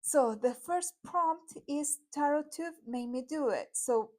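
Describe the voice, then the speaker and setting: A chatty woman from Argentina talks through her tarot decks in English, with an Argentine Spanish accent and Spanish as her first language. She rambles through a casual vlog, dropping fillers and quick apologies along the way. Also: high voice, darkish tone. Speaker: tarot YouTuber. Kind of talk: casual deck review vlog.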